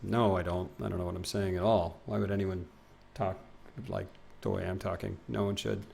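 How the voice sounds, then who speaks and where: A man's voice: sits low, flat delivery, moderate pace, creaky, dark tone. A young man streaming a game live, chatting casually with his viewers and rambling, self-mocking, often trailing off into mumbles.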